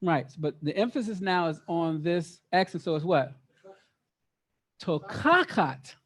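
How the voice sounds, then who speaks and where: A man leading an interactive Bible study, reading verses aloud and quizzing his group in a lively way, often repeating words for emphasis. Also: fairly high pitch, moderate pace. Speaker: teacher.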